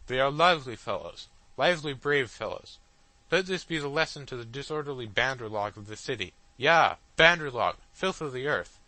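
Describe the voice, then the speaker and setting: A man voicing a huge trumpet-faced male news machine that blares loud announcements in an audiobook. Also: medium pitch, moderate pace, no echo, natural voice, low-quality recording. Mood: gloating.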